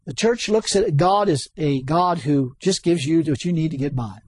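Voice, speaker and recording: Preaching a sermon, this man is lively and often laughs, leaning on repeated key words and abrupt, high-pitched outbursts. He speaks at an ordinary pace with a husky voice.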